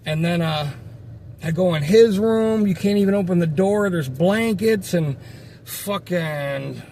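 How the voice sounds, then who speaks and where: A man's voice: high voice, a little slow, a little mellow, a little hiss or hum. A man ranting casually to camera, frustrated and swearing, rambling with many restarts.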